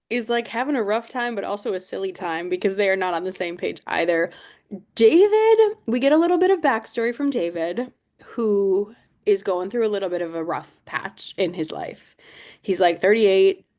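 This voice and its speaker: A woman's voice: mid-range voice, lively intonation, moderate pace, a little mellow. A woman co-hosting a podcast, retelling what happened casually and quoting others with emphasis. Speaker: podcast co-host. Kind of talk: casual recap chat.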